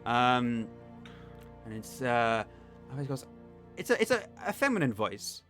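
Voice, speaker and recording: A man's voice: mid-range voice, big pitch swings, unhurried, a bit bright, soft background music. A man running a tabletop game as game master, narrating casually and with animation.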